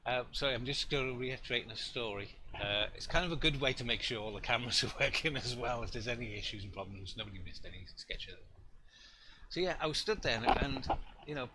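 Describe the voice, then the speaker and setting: A man, an artist hosting a live stream, telling a story in a rambling, self-deprecating way with lots of restarts. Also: lowish voice. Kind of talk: casual storytelling chat. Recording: noisy room ambience.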